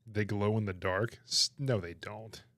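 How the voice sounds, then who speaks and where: A man chatting on his livestream, animated and laughing, protesting in exaggerated disbelief. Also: on the low side, unhurried, no echo. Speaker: streamer reacting to chat. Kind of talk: casual livestream chat.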